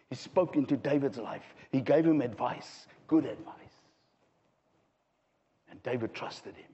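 A man preaching a sermon, swinging from hushed low asides to raised, impassioned passages. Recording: dull sound with long hall reverb.

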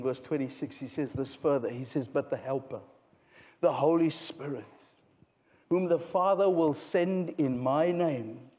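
Man preaching, swinging loud to hushed. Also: on the high side. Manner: dramatic swings from loud exclaiming to hushed intensity. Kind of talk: sermon. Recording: muffled sound with long hall reverb.

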